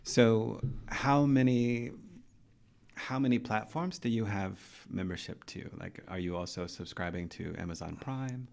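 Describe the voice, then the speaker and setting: A man with a fairly low voice hosts a relaxed podcast interview. He keeps the talk moving with quick questions, dropping "okay" and "dude" throughout. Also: gravelly. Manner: chatty, asks many questions, says dude and okay a lot. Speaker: podcast host. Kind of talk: casual interview chat.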